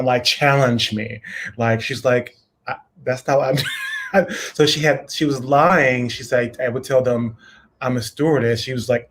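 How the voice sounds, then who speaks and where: Man telling a story in casual chat. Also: medium pitch. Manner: animated storytelling with quoted voices. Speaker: co-host coach.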